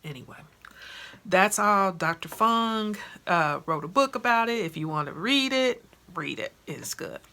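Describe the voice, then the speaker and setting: A woman vlogging in a casual, chatty way, animated and colloquial, acting out what people said. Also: medium pitch, unhurried, gravelly. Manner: chatty, animated, acts out quotes; colloquial, with slangy grammar. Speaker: vlogger and author. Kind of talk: casual chat to camera.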